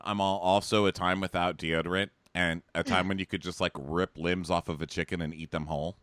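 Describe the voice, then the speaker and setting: Male co-host, low and bright, dry close sound; sarcastic, throws in mocking impressions. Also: steady tone, fairly quick, no room sound. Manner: sarcastic, acts out quotes in mocking voices. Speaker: podcast co-host. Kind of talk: casual recap chat.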